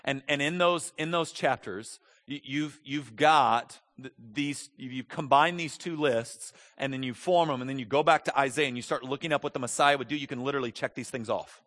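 A man preaching a sermon in an animated, conversational way, moving between quiet asides and loud, emphatic stretches. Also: medium pitch, a little fast. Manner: conversational, with frequent restarts. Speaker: pastor.

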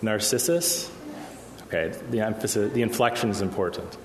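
Low-voiced male pastor preaching in a hall. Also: normal speed. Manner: conversational, asks the room "okay?" often. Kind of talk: sermon. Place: church hall. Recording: echoey hall with long reverb.

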